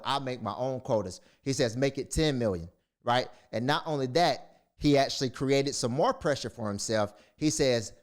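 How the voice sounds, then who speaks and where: Man telling a story, lots of fillers. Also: mid-range voice. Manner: storytelling, retelling quotes with many fillers and restarts. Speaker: motivational speaker. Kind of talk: casual monologue.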